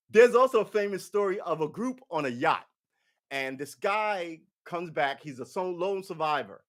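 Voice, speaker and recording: On a live stream, a political commentator rambles through an opinionated, casual monologue on current events, swearing freely and mocking people with put-on voices. His voice sits on the high side and is fairly bright, with big pitch swings at a moderate pace.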